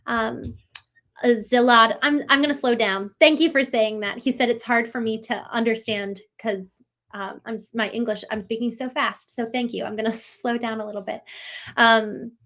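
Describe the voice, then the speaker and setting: A woman from Maryland hosts a live show with a somewhat high voice. She reads and answers chat comments in a warm, effusive way, circling back through fillers and restarts as she thinks aloud. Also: fairly even intonation, normal speed.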